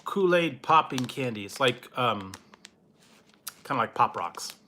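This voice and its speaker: A man's voice: mid-range voice, expressive, unhurried, bright, forceful tone, slight background noise. A man reviewing snacks in a laid-back, casual way, chuckling often and trailing off mid-sentence. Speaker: food review vlogger.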